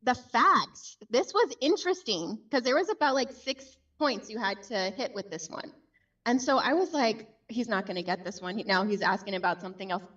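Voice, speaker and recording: A woman's voice: fairly high pitch, normal speed, a bit bright, breathy edge. A woman judging a sales call, giving casual chatty feedback over a video call. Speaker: judge scoring a sales call. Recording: distant, dull lo-fi mic.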